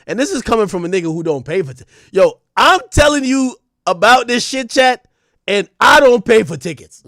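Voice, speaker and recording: Talking at a normal speed, this young streamer with a high voice rants profanely and jokingly to his chat, erupting now and then into loud outbursts. His sound is close-miked and dry, with no room sound.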